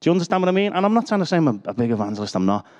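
A man's voice: a little high, big pitch swings, rapid-fire, a little mellow. A middle-aged man, preaching a sermon full of personal stories and self-deprecating jokes. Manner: chatty, self-deprecating, joking asides.

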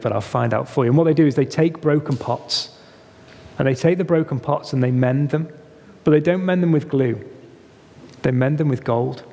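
A man preaching a sermon, telling the story in an animated way and acting out the voices in it. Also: mid-range voice. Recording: long reverb of a hall.

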